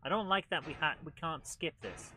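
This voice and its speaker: A man hosting a retro gaming show, giving chatty, excitable commentary while he plays. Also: fairly high pitch, normal speed, background noise. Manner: chatty and excitable, with frequent laughs and exclamations. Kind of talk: live gameplay commentary.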